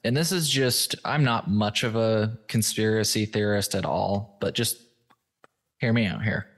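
Low-voiced man hosting a podcast. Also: a little slow. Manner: hesitant, many fillers and restarts. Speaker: podcast host. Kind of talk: casual interview chat.

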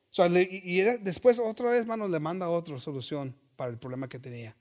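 High-voiced bilingual preacher man. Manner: switches between English and Spanish, often calls out "hermanos"; reads scripture slowly and deliberately. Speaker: pastor. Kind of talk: bilingual sermon.

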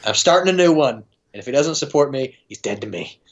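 A man's voice: medium pitch, expressive, fast. A man chatting casually on a podcast, rambling and laughing often in a playful way. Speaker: podcast guest. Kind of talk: casual chat. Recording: dull lo-fi sound.

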